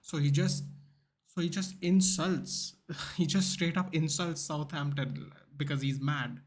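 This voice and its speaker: Male streamer, slightly high voice, casual rambling opinionated chat for a football watchalong. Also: fairly even intonation, measured pace. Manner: rambling, opinionated, peppered with "dude".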